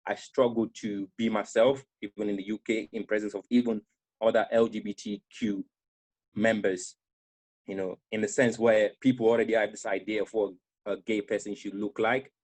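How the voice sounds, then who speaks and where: A young man shares his own story on a panel. His voice sits on the low side, and he speaks earnestly, often stopping to restart his sentences. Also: little pitch movement, darkish tone. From Nigeria. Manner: earnest and halting, with many restarts. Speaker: panel guest.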